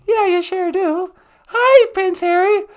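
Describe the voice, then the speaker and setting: A man voicing a chirpy middle-aged housewife in a high, sing-song falsetto. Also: takes it slowly.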